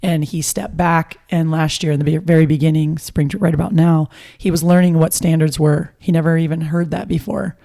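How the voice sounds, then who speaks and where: A woman from Hawaii and California, a mental skills coach, talking as a podcast guest in an animated, casual way. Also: low voice, fairly quick, creaky, hardly any pauses. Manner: energetic, animated, frequent fillers and laughs. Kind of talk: casual conversational storytelling.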